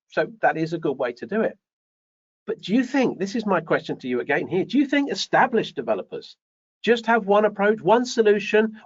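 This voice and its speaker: A man's voice: high-pitched, highs cut off. A man hosting a live show, giving business advice with lots of rhetorical questions and repetition. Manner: animated, rhetorical questions, repeats phrases. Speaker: host.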